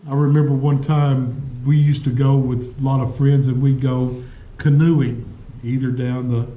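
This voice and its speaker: Echoey preacher with a mellow voice. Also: male voice, medium pitch, level tone, highs cut off. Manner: earnest storytelling delivery with dramatic pauses. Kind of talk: sermon. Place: church sanctuary.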